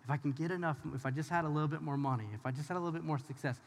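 Male pastor, higher-pitched voice, informal and emphatic sermon, long hall reverb. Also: fairly even intonation, racing. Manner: talks straight to the audience, informal and emphatic. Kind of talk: conversational sermon.

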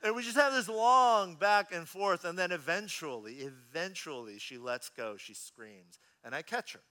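A pastor in his thirties delivers a sermon, telling a personal story in an animated, conversational way. His voice is high and his speed normal.

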